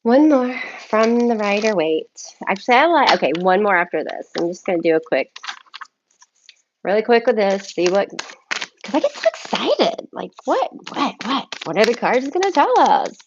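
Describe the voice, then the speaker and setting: A woman reading tarot cards and channeled messages on a solo live stream, excitable and effusive, often thanking spirit. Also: medium pitch, moderate pace, lo-fi sound, background noise. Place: home, by herself.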